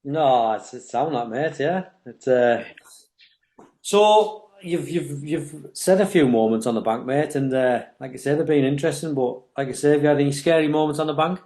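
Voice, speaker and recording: A man's voice: fairly high pitch, normal speed, warm tone. A man hosting a podcast, easygoing and chatty, with filler phrases and lots of "mate". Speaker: podcast host. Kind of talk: casual chat.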